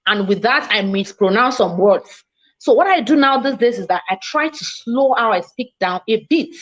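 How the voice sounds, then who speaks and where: A woman from Nigeria with a Nigerian English accent, giving a fast, emphatic, self-assured online mentoring talk as a coach. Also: a little high, lively intonation, highs cut off. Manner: speaks fast, by her own account.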